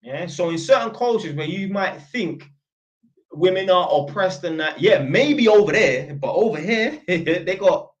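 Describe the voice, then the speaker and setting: A man's voice: high voice, lively intonation, unhurried, lo-fi sound. A young man with a London accent telling a story and ranting in blunt, slangy, opinionated talk to his viewers. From North London. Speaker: channel host. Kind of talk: casual storytelling to camera.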